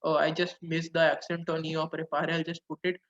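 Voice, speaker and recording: A man teaching a French lesson online, translating phrase by phrase and pausing on "uh"s as he explains. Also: a little high, monotone, a bit bright, a little hiss or hum. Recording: dull lo-fi audio.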